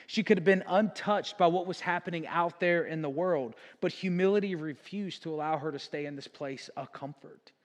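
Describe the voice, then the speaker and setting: A male pastor preaching a sermon in a casual storytelling way, often saying "like" and correcting himself. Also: a little high. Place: church sanctuary. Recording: long church hall reverb.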